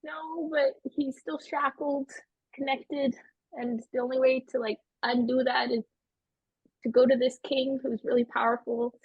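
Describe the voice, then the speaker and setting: A husky woman player describes her character's state in a rushed, rambling way, in a dry, close and slightly dull recording. Her voice sits a little high for a woman. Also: level tone, no echo. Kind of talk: casual tabletop game play.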